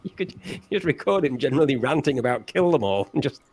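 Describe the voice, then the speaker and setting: A man's voice: medium pitch, lively intonation, fast, darkish tone, slightly rough. A man in casual chat, playful and jokey.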